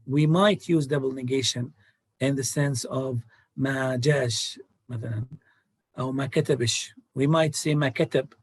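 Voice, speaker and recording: A man's voice: medium pitch, fairly even intonation, fairly quick, husky, no room sound. A man giving an academic talk over a video call. He explains points step by step and often checks in with "okay?". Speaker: guest lecturer.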